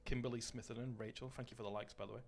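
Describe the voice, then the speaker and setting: A man's voice: mid-range voice, steady tone, rapid-fire, a little hiss or hum. A man chatting casually to his live-stream audience while gaming, rambling, swearing and greeting viewers by name.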